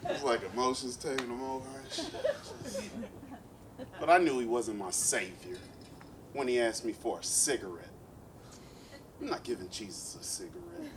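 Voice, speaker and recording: A man's voice: medium pitch, sing-song, moderate pace, pauses often, noisy background. A man from East Oakland doing a profane stand-up comedy set with playful asides. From East Oakland, California. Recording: live club set, distant mic, loud crowd.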